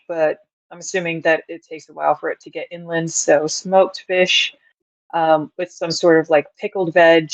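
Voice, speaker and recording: A woman's voice: lowish voice, no echo. Hesitant woman player, dull lo-fi mic. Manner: hesitant, lots of ums. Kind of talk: casual tabletop play.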